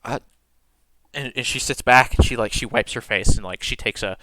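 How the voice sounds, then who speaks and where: A man's voice: medium pitch, brisk, bright, forceful tone, dry recording. A man narrating a tabletop game as game master, describing scenes in a rambling way full of fillers.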